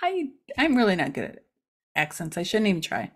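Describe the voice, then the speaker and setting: A woman's voice: lowish voice, huge pitch swings, a little fast, slightly rough. A middle-aged woman hosting a casual community update for a local news site, chatty and rambling with many fillers.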